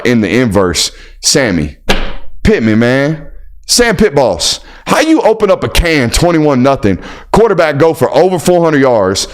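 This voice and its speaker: A male host on a college football reaction livestream, talking in a blunt, emphatic and profane way and hammering home repeated punchlines. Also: mid-range voice. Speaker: sports show host.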